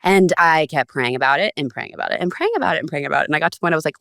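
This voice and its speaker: A woman, a podcast guest, telling stories in a casual, animated way and acting out the lines of others with big jumps in pitch. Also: rapid-fire, gravelly, hardly any pauses, dry recording, studio quality. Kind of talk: casual storytelling.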